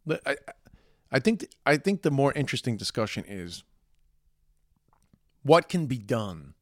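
A man's voice: medium pitch, very animated, measured pace, no room sound, clean studio sound. An Irish man in his forties giving a rambling, emphatic podcast monologue, swearing freely. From Ireland. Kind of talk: casual monologue.

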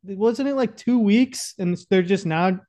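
A man's voice: high-pitched, measured pace, dark tone. A young man co-hosting a podcast, crude and profane, often stumbling over his words. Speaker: podcast co-host. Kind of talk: casual chat.

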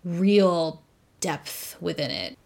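A woman with a somewhat low voice talks casually as a guest. She describes food in an animated way and laughs often. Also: very slow, creaky. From United States. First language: Arabic. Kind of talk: casual chat.

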